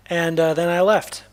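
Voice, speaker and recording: A young man from Massachusetts speaks in a slightly higher-than-usual voice as he tells a long personal story. He talks loosely and candidly, restarts his sentences often and swears freely. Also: vocal fry, fairly bright tone. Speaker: spiritual vlogger. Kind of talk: casual personal storytelling monologue.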